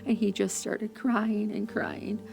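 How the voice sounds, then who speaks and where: A woman's voice: mid-range voice, level tone, takes it slowly, creaky, darkish tone, soft background music. A woman, an aunt, speaking emotionally and eagerly in an interview.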